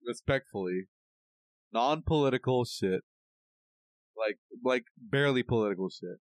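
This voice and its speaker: A man's voice: medium pitch, a little slow, dry recording, rough recording. A young man talking casually on a podcast, rambling with lots of fillers and mocking impressions. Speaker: podcast co-host. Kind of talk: casual chat.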